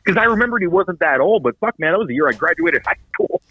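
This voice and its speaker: Animated swearing storyteller man, dry lo-fi sound. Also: sits high, quick pace, slight background noise. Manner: animated storyteller, swears a lot, acts out quoted voices. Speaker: podcast co-host. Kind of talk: casual chat. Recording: dull lo-fi podcast audio, dry.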